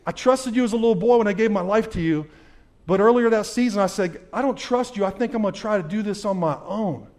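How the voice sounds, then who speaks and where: A man with a rather high voice tells his faith story to a live crowd. He speaks emphatically and keeps throwing questions at his listeners. He moves between hushed, low stretches and loud, fired-up bursts. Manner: emphatic storyteller, addresses the audience directly with questions. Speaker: former pitcher giving a faith testimony talk. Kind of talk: testimony talk to a live audience.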